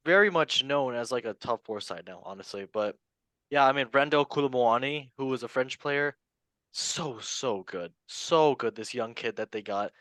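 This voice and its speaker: A man hosts a relaxed football talk show in an animated, rambling way, often repeating words as he thinks. His voice sits at a middle pitch and is recorded dry and close. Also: normal speed, dry recording. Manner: animated, chatty, repeats himself. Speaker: podcast host. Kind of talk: casual sports chat.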